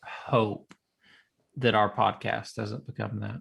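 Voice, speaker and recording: Southern male co-host, gravelly, wry. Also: on the low side, flat delivery, slow pace, fairly bright tone. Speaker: podcast co-host. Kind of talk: casual podcast chat.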